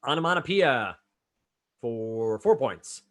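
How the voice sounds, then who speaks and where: A man hosting a trivia game, reading clues briskly and calling on players by name. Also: medium pitch, lively intonation, fairly bright tone. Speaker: trivia quizmaster.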